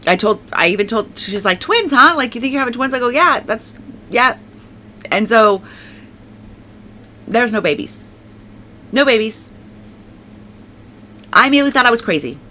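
A woman's voice: medium pitch, sharp tone, a little hiss or hum. A middle-aged woman giving a personal faith testimony, talking emotionally with many restarts and fillers. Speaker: testimony speaker.

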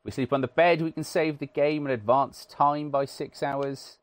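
A man's voice: on the high side, fairly even intonation, moderate pace, no echo. A British man from the UK giving casual, wry commentary over a video game, self-deprecating and full of "uh" fillers. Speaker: gaming channel host.

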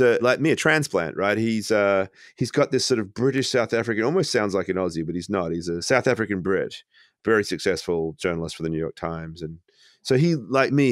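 A man with a low voice talks as a podcast guest, reflective and halting, often starting a phrase over. The sound is dry and close, recorded at home. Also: dry recording. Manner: reflective, halting, many restarts. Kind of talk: casual conversation.

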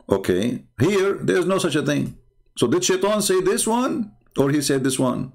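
Man, gravelly creaky voice, arguing loosely with lots of uh and restarts. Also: on the high side, big pitch swings, darkish tone. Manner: argumentative, halting, many fillers and restarts. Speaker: religious commentator. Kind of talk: unscripted screen-share talk.

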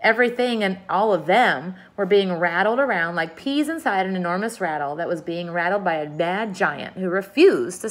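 A woman reading a children's book aloud in an expressive, lively storytelling manner. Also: fairly low pitch, poor audio.

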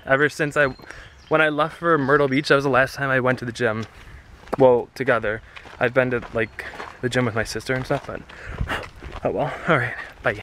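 A man's voice: mid-range voice, steady tone, normal speed, long pauses, fairly bright tone. A young man chatting casually and jokingly to his camera while out walking. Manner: playful, jokey, chatty. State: a bit out of breath at times. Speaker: vlogger. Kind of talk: casual vlog chat. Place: outdoors on a hike and on city streets. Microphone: handheld camera. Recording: outdoor street noise and traffic.

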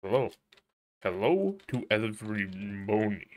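A young man streaming a game live, rambling and cursing in casual commentary, with sudden shouts. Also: on the low side, big pitch swings, unhurried. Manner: rambling, profane, sings and shouts in bursts. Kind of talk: casual let's-play commentary. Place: home streaming setup.

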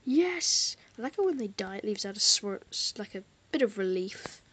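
A woman giving casual gameplay commentary, excitable and prone to loud exclamations, with quiet muttered asides. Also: medium pitch, fairly quick, slight background noise. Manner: excitable, bursts into exclamations and laughs. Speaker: gamer.

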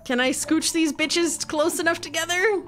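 A young woman hosting a casual game stream, giggly and excitable. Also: very high voice, moderate pace, soft background music. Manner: giggly and excitable, gasping at small wins. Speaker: streamer and host.

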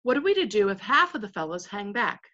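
A woman voicing a young man who speaks in a hushed, worried way. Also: mid-range voice, very animated, brisk, muffled recording.

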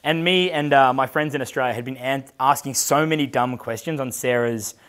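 A man in his thirties talks to a live audience as a dating coach, loose and brash, his speech full of swearing and anecdotes. His pitch sits in an ordinary middle range for a man. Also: brisk, fairly bright tone. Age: 30s. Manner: brash, profane, storytelling. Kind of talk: casual seminar talk with audience questions.

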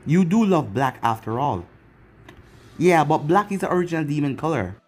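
A brash young ninja who mocks his enemies, as a man reads him aloud. The voice is husky and sits fairly high, with lots of swing in pitch. It comes from a fan-written storybook reading. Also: animated, normal speed, soft background music. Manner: brash, taunting. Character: young male ninja hero, cocky and mocking.

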